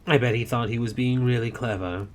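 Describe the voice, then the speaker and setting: A man's voice: medium pitch, fairly even intonation, a little fast, natural voice. Crowley, a man doing a sly snappy demon. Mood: sarcastic. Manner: snappy, sarcastic. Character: sly cynical male demon.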